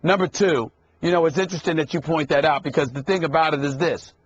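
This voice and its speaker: A man in a heated sports debate drives his point home by repeating it and cutting in. His voice is somewhat high. The recording is dull, with a faint hiss underneath. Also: quick pace. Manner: emphatic, repeats himself for emphasis, cuts in.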